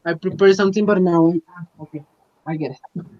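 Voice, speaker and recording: A high-pitched man taking part in an English lesson over a video call, halting as he searches for the right words. His audio is dry and dull. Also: steady tone, dry recording. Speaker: English student. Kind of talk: online class conversation.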